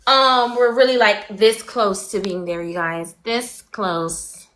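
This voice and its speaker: A woman hosting a livestream, giving her viewers a rapid, animated gossip recap and greeting them between sentences. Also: medium pitch, echoey room, slight background noise. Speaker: livestream host.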